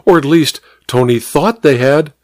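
A man voicing a calm, observant older duchess in a radio mystery. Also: fairly high pitch, a little slow, no room sound, studio quality, pitched above the performer's own voice, natural voice. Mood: knowing.

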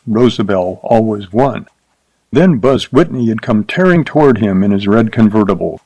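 A man narrating a short story aloud in a steady, measured reading. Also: on the low side, no room sound, low-quality recording.

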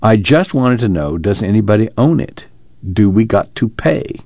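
In this audiobook reading, a man plays a weary, proud farmer father whose blunt speech comes in a folksy rural dialect. The voice sits low and is set in a dull, dry recording. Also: big pitch swings, normal speed, mellow, dry recording. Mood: irritated.

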